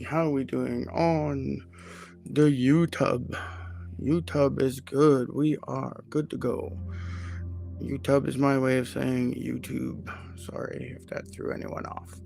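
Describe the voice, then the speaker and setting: A man's voice: medium pitch, vocal fry. A man in his forties hosting a casual live stream from home, rambling and joking at his own expense. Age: 40s. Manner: rambling, self-deprecating and joking. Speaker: livestream host, HR consultant.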